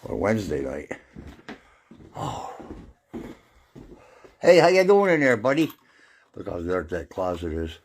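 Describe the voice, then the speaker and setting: A man's voice: sits low, big pitch swings, measured pace, long pauses, slight background noise. A man hosting a paranormal livestream, chatting casually while walking around indoors in an old house. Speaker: paranormal show host.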